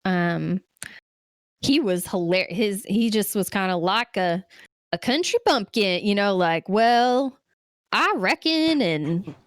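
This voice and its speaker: A woman's voice: lowish voice, slow pace, smooth, dry recording, studio quality. A woman co-hosting a podcast, chatting casually about a movie with lots of fillers. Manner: chatty, rambling with many fillers. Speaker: podcast co-host. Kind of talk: casual movie review chat.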